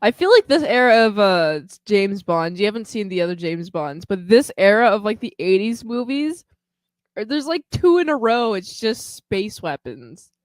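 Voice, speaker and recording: A woman's voice: mid-range voice, expressive, moderate pace, dry recording. A woman co-hosting a podcast in casual chat, rambling and hedging with lots of filler words. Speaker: podcast co-host.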